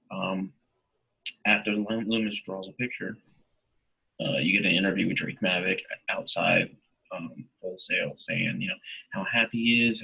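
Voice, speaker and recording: Gravelly laid-back man, lo-fi mic. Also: low voice. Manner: laid-back, lots of "um" and "you know". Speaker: podcast co-host. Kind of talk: casual wrestling podcast chat.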